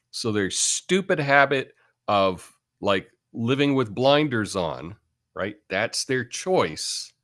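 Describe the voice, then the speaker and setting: A man's voice: medium pitch, a bit bright. A man hosting a live talk show in a casual, blunt monologue, tagging his points with "right?" and laughing at his own asides. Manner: chatty and blunt, tags lines with "right?". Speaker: host.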